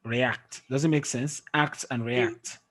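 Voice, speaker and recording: Slow, husky man teaching a class. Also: mid-range voice, animated. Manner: slow, drawn-out explaining with questions to students. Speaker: English teacher. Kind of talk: classroom lesson.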